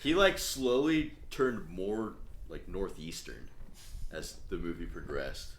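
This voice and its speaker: A man's voice: low-pitched, big pitch swings, slow. A man co-hosting a casual podcast chat, loose and rowdy, laughing often. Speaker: podcast co-host. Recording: echoey room with faint ambient noise.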